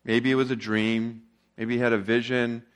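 A male pastor preaching a sermon in a relaxed, conversational storytelling way. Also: medium pitch, moderate pace.

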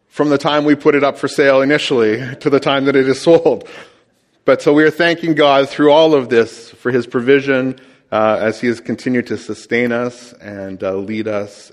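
A man, preaching as a pastor with chatty, self-deprecating humor and frequent fillers. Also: medium pitch. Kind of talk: sermon with church announcements.

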